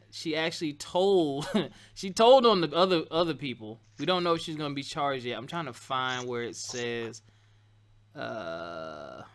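A man's voice: mid-range voice, bright, forceful tone, clean tone. A man hosting a casual talk show, going over news topics in a loose, conversational way, often stopping to correct himself. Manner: conversational, wanders, laughs at himself. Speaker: podcast host.

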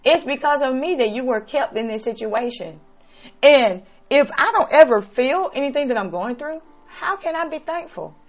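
A woman preaching a sermon, slow and dramatic, swinging between loud emphatic lines and soft, hushed ones. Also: sits high, expressive, lo-fi sound, soft background music.

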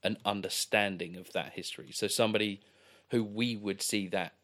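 A man, co-hosting a podcast and discussing a film in a relaxed way, with lots of fillers like "like". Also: on the low side, moderate pace. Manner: relaxed, filler-heavy, agreeable. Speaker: podcast co-host.

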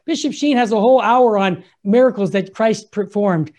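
A man hosting a Catholic radio talk show who tells stories with growing excitement and gets carried away. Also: sits high, normal speed. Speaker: radio host.

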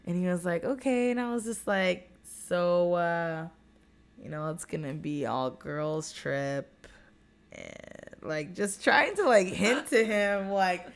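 A woman's voice: lowish voice, takes it slowly, smooth. A young woman chatting casually on a podcast, candid and profane, telling a dating story with many fillers. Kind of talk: casual chat.

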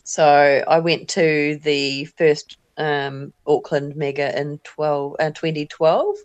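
Low-voiced New Zealand woman, jokey and cheerful. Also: steady tone, slow, no room sound. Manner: cheerful, jokey, filler-heavy. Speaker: guest. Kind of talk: casual chat.

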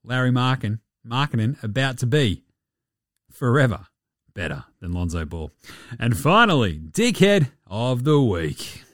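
A man's voice: mid-range voice, very animated, no room sound. A man hosting a casual basketball show, swearing freely and reeling off stats with jokes. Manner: sweary, joking, rapid-fire stats. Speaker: basketball podcast host. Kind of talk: casual sports commentary.

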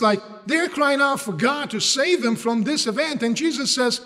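In a large hall, a man with a very high voice preaches a sermon at a moderate pace, hardly pausing. English isn't his first language but one he learned later, and he tells animated stories while putting rhetorical questions to his audience.

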